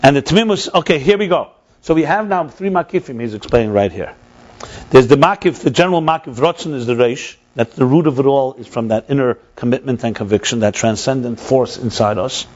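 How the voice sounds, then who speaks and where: A man teaching a text study class as a rabbi, animated, repeating and restarting words and mixing Hebrew terms into his explanations. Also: mid-range voice, a little fast, highs cut off.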